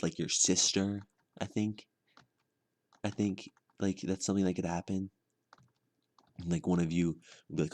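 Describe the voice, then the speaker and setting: Deep-voiced man rambling in halting deadpan. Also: no echo. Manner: halting, repeats words, lots of fillers. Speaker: comedy vlogger. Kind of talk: rambling deadpan comedy monologue.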